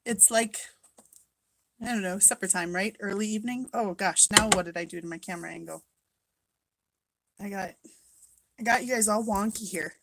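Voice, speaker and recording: A woman's voice: mid-range voice, normal speed, pauses often, fairly bright tone, low-quality recording. A woman from Minnesota hosting a casual live-stream chat from home, greeting viewers by name and laughing often.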